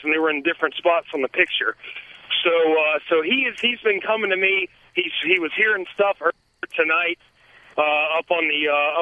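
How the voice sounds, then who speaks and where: A man calling in by phone from a haunted attraction outdoors, his voice high and squeezed through a tinny phone line. He rambles with plenty of fillers and laughs between stories. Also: a little hiss or hum. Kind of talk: casual phone call to a radio show. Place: outdoors at a haunted trail in the woods.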